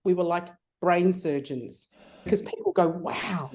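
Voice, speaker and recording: A middle-aged woman spins an anecdote in a relaxed interview, her pitch leaping whenever she acts out what someone said. Her voice sits fairly low and sounds warm and mellow. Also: unhurried. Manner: animated storyteller, acts out voices with big pitch jumps. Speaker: guest. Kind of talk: casual interview storytelling.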